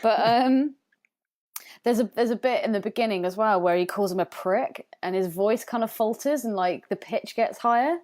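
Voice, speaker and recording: A woman's voice: a little high, moderate pace, darkish tone. A woman co-hosting a podcast in casual chat, blunt and emphatic, swearing freely. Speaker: podcast co-host.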